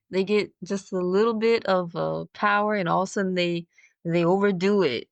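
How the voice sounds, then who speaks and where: A woman's voice: mid-range voice, no echo. Woman podcaster thinking aloud, dry sound. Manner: thinks out loud, halting and searching for words. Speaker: podcast host. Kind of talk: reflective solo podcast monologue.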